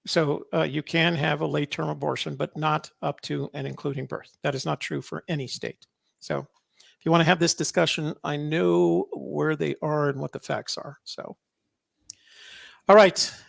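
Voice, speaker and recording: A man's voice: on the high side, fairly even intonation, moderate pace, gravelly, no echo, studio quality. A man co-hosting a podcast, talking casually and rambling, often correcting himself. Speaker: podcast co-host. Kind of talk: casual political chat.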